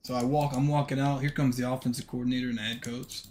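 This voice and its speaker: A man's voice: mid-range voice, quick pace, a little hiss or hum. Man telling a story while gaming. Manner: animated, swears, acts out dialogue in quotes. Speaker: streamer. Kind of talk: casual storytelling on a game stream.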